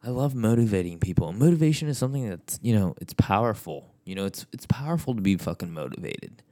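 A man's voice: on the low side, lively intonation, fast, warm tone. A man giving a blunt, profane motivational rant, swearing constantly and repeating himself.

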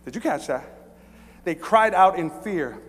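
A man preaching a sermon as pastor. He swings from hushed, slow passages to shouted pleading, often repeating phrases and stammering on restarts. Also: high-pitched, lively intonation, in a large hall.

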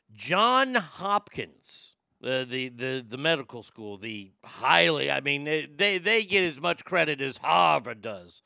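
A man's voice: fairly high pitch, lively intonation, a little slow, creaky, hardly any pauses, sharp tone, no echo. A man hosting a talk show, giving casual news commentary that rambles and stammers, with crude joking asides.

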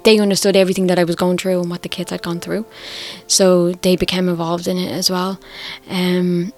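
A middle-aged Irish woman telling her own story, candid and reflective, quietly emotional. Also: fairly low pitch, flat delivery, a little fast. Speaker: interviewee. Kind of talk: personal testimony. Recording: faint music underneath.

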